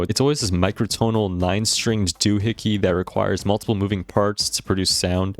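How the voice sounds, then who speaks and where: A man hosting a scripted comedic commentary video, delivering it in a wry, sarcastic way. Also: fairly low pitch. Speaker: video essay host.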